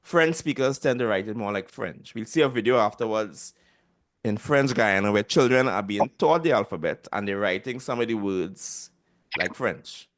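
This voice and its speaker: A man's voice: lowish voice, normal speed. A man with a Trinidadian accent teaching a language class over a video call, patiently repeating sounds for students to echo. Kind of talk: online class instruction.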